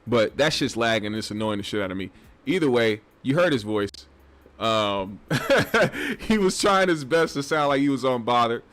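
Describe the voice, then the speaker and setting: A man's voice: medium pitch, animated, normal speed, a bit bright. A man hosting a casual commentary show, talking in a loose, rambling and profane way. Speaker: host.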